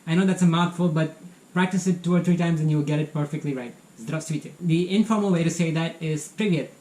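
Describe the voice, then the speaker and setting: A man hosting a beginner language lesson, cheerful and encouraging, slowing down to model each phrase. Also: fairly high pitch, a little mellow. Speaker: language teacher, channel host. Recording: echoey room, faint noise.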